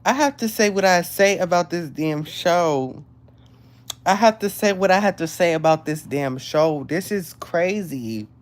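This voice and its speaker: A woman, hosting a casual livestream and chatting excitedly with viewers. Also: on the low side, normal speed. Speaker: livestream host.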